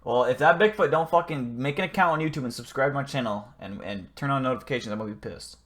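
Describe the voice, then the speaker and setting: A man hosts a live stream, chatting casually with viewers in a rambling, profane and joking manner. His mid-range voice is fast and a bit bright.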